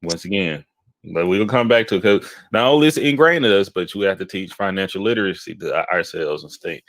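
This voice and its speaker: A man from Houston, Texas, co-hosting a casual chat and telling animated, rambling anecdotes, often checking in with "okay?". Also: low voice, fairly quick, no echo. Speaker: podcast co-host.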